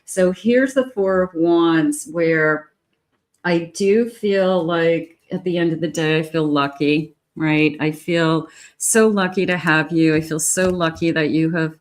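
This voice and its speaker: A woman doing a tarot reading in a gentle, chatty way, with many fillers and pauses. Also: sits low. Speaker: tarot reader.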